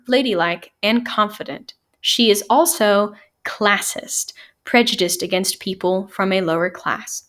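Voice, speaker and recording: A woman teacher talks through a novel for her class, easygoing and conversational. Her voice sits at an ordinary middle pitch and she enunciates each word clearly. She leans on "um" and "you know" as she goes. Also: a bit bright. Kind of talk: casual classroom lecture and chapter summary.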